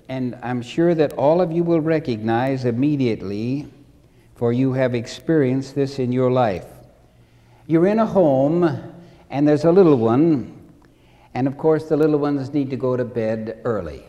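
A man preaching a sermon with slow, deliberate delivery, repeating key phrases and acting out stories. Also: medium pitch, mellow, big-room sound, muffled recording.

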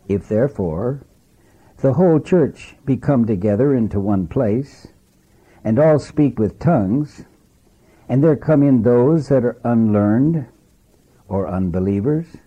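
A male preacher delivers a sermon slowly and deliberately, his voice very dark and husky. He tells his story in an earnest, measured manner with dramatic turns. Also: medium pitch, lo-fi sound.

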